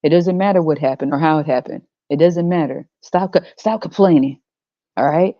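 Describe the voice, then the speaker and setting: A woman's voice: low-pitched, moderate pace, mellow, no echo, lo-fi sound, close to an everyday voice. A woman voicing a brash, mocking male God who talks in blunt slang, in a comedic podcast skit. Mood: preachy mocking. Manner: swaggering slangy trash talk, teasing and blunt.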